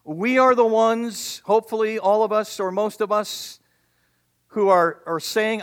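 A male pastor preaching a sermon, animated and asking the congregation questions. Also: high-pitched, unhurried, clean tone.

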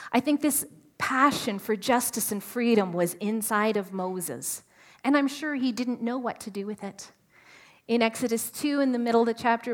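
Woman preaching a lively sermon. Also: fairly high pitch. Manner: animated, asks the audience questions; drops to a whisper for emphasis.

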